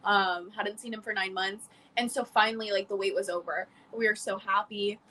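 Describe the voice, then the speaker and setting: A woman's voice: medium pitch, steady tone, sharp tone, low-quality recording. A young woman from Florida telling her story as a guest in a casual chat, quoting old conversations in a chatty way. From Florida, USA. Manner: quick, chatty, quotes conversations.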